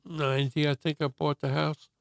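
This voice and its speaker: A man's voice: a little high, little pitch movement, normal speed, vocal fry, no room sound, studio quality. An older man telling his life story in a casual interview, rambling with many fillers and acting out quotes.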